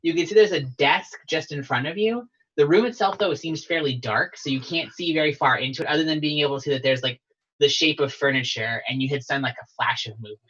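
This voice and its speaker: A game master describes scenes and calls for dice checks in a live tabletop game, easygoing and descriptive. The voice is bright and forceful, and the audio is a little dull and lo-fi. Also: medium pitch, fast talker.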